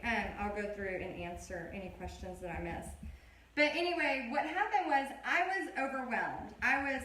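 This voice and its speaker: A woman's voice: a little high, sharp tone, a little hiss or hum. Chatty woman in her thirties, roomy sound. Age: 30s. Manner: chatty, rambling storyteller. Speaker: art teacher. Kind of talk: casual live-stream painting tutorial. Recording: roomy echo.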